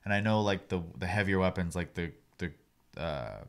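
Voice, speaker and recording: Casting note: man with a very deep voice in casual gaming chat, patient and explanatory, laying out how things work. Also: expressive, normal speed, creaky, clear, resonant tone. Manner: explanatory, walks through game mechanics step by step. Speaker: podcast co-host.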